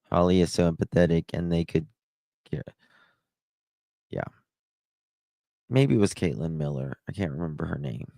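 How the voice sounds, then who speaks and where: A man's voice: low-pitched, expressive, normal speed, vocal fry, pauses often, dark tone, no room sound. A man with a Southern accent hosting a live stream, telling stories in a chatty, rambling way. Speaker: livestream host. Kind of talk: casual live-stream chat.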